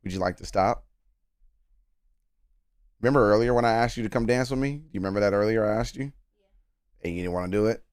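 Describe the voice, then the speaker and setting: A man's voice: lowish voice, steady tone, racing, darkish tone, clear, resonant tone, no room sound, clean studio sound. A man chatting casually and playfully on a live stream while reacting to a video, often laughing.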